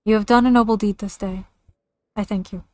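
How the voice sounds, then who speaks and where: A woman reads out a dutiful camp leader from a fantasy game, formal and steady in his lines. The voice sits at an ordinary middle pitch, earnest rather than theatrical. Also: natural voice. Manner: formal, measured reading of game dialogue. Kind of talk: reading game dialogue aloud.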